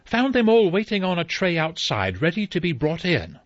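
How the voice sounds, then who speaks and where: A man reading an audiobook, voicing a breezy, carefree young gentleman. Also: sits high, huge pitch swings, normal speed, no echo, pitched above the performer's own voice, heavily acted. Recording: slightly dull dry recording.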